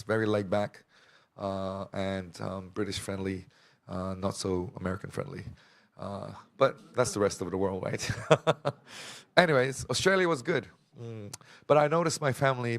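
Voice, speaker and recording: Halting, gravelly-voiced man giving testimony. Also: fairly low pitch. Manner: hesitant, halting, with many pauses and filler sounds; self-deprecating, chuckles between stories. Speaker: church member giving testimony. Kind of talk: personal testimony at a church service. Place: church service.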